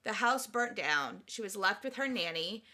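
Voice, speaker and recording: A woman's voice: mid-range voice, expressive, moderate pace, bright, forceful tone. A woman co-hosting a podcast in casual book-and-film chat, giggly and often breaking into fits of laughter. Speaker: podcast co-host.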